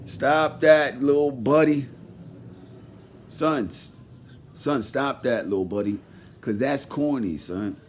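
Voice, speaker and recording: High-voiced man ranting loudly. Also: a little hiss or hum. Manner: swings between loud shouting rants and low muttering asides; heated, mocking and profane. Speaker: commentary vlogger. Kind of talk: ranting commentary.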